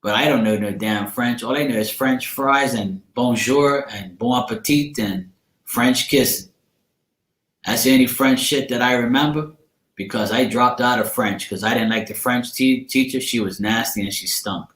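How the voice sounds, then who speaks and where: A man's voice: mid-range voice, normal speed, a bit bright. Slangy Bermudian man in an echoey room. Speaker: livestream host. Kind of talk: casual livestream chat.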